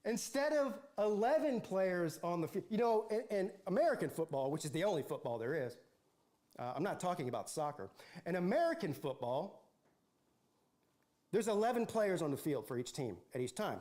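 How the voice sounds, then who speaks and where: Sarcastic high-voiced man ranting. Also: lively intonation, fairly quick, a little mellow. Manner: mocking, sarcastic, rambling with restarts. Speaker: football channel host. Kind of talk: ranting livestream commentary.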